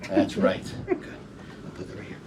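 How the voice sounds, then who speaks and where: On stage, a middle-aged man runs a comedy magic show, playfully teasing volunteers as he guides each trick, speaking at a moderate pace with a darkish tone. A front-row audience member's camera captured it in a theater show room, leaving his voice distant with faint room noise.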